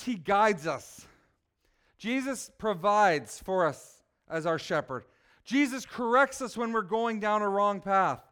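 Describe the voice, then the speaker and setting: Man, high voice, clear and smooth, preaching, lively, asks the listeners questions. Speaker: children's preacher. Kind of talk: sermon.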